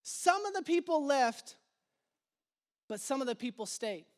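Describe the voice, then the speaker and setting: A pastor preaching a sermon in a casual storytelling way, with animated emphasis. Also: male voice, very high-pitched, a little slow.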